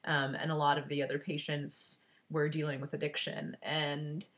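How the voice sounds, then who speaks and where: Earnest woman vlogger, lowish voice. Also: flat delivery, a bit bright. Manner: candid, halting, with many restarts and fillers; earnest and heartfelt. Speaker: vlogger giving a personal update. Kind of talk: emotional personal vlog.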